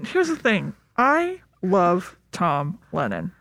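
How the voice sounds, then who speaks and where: A woman's voice: on the low side, wildly swooping pitch, slow pace, gravelly, a bit bright, dry recording, studio quality. A woman co-hosting a casual movie podcast, rambling and jokey, slipping into silly voices for bits. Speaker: podcast co-host.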